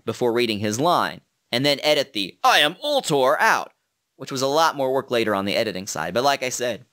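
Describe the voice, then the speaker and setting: A man explains his approach to audiobook narration in a relaxed how-to talk. His voice is bright and forward, and his delivery is earnest and unassuming, as if he is working things out while he speaks. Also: mid-range voice. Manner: earnest and modest, thinking aloud.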